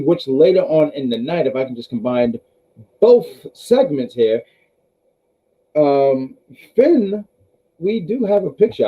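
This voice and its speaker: A man talks loosely through a live review stream, addressing his chat directly and tripping over his own restarts. His pitch jumps around a lot and sits a bit high for a man. The audio is a little dull and lo-fi. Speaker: wrestling review host.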